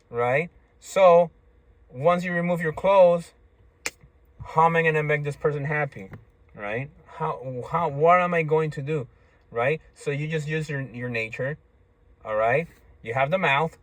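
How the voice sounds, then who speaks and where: A man's voice: a little high, a bit bright, no room sound. A man talking in a casual, rambling monologue, stammering through restarts and tagging lines with "right?" and "you see?".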